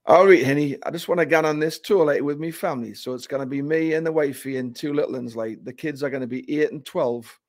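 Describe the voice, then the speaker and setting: A broad, pally family man with a thick Newcastle accent, put on by a man. He talks in chummy local slang, a touch higher than a plain speaking voice. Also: quick pace, hardly any pauses, natural voice. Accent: Newcastle (Geordie). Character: chatty Geordie dad booking a family tour.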